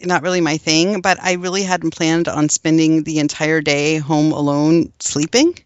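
A woman's voice: low voice, little pitch movement, moderate pace, clean tone, no room sound, muffled recording. Middle-aged woman, podcast co-host, chatty and rambling, dry close mic. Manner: chatty, rambling, many ums and laughs. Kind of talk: casual chat.

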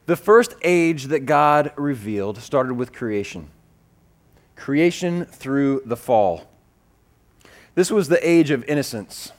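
A man preaching a sermon, animated and repeating phrases as he builds, acting out voices when he tells personal stories. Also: medium pitch. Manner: acts out voices in his stories. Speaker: pastor.

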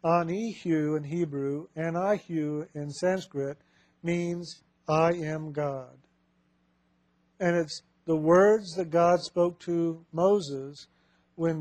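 A man giving a spiritual talk, telling a story slowly and deliberately and repeating phrases for emphasis. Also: fairly high pitch, a little mellow, no room sound. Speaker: spiritual teacher.

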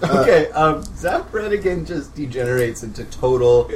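A man's voice: a little high, expressive, normal speed, a little mellow, distant mic, a little hiss or hum, rough recording. A man playing a tabletop game, narrating his character's actions with a joking tone. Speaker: player. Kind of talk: casual tabletop play.

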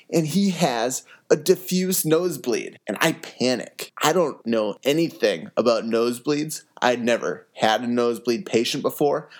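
A young man, an emergency medicine resident, hosting an educational podcast and telling a personal story in an earnest way, acting out quoted dialogue. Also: medium pitch. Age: young adult.

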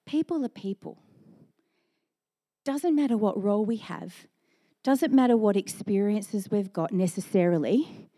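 A woman pastor giving a sermon, telling stories with self-mocking humor and animated asides. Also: mid-range voice, a little slow, long pauses.

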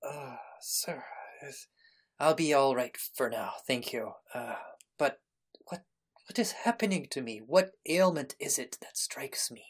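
A woman voicing a sick, bewildered old man who speaks haltingly and hesitantly. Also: extremely low pitch, animated, breathy edge, full character voice. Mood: weak, confused.

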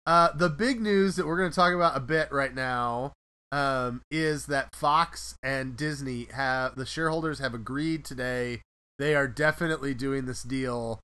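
A man's voice: a little high, sharp tone, clean tone. A man hosting a podcast, chatting casually and rambling a little as he laughs at himself. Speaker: podcast host.

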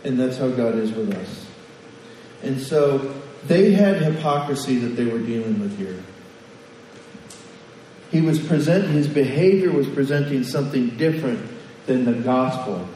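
A man's voice: mid-range voice, lively intonation, unhurried, mellow, a little hiss or hum. A man preaching a sermon as pastor, talking conversationally and putting questions to the congregation. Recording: echoey hall from far off.

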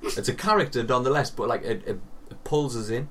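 A man's voice: mid-range voice, quick pace, a bit bright, far from the mic, slight background noise. A man co-hosting a casual chat podcast, riffing and swearing freely. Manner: swears freely, riffs with jokey asides. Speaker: podcast co-host.

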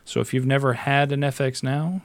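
A man's voice: mid-range voice, fairly even intonation, a little fast, no echo. A man chatting casually on a podcast, loose and prone to swearing. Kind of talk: casual chat.

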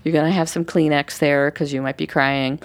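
A woman coach calmly explaining her practice in a thoughtful, unhurried conversational way. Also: low voice. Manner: gentle, thoughtful, unhurried with frequent fillers. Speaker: forgiveness coach and workshop leader.

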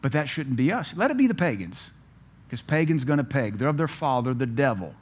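Animated preacher man. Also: medium pitch, fairly quick, husky. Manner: animated storytelling preacher with rhetorical questions. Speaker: pastor. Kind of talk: sermon.

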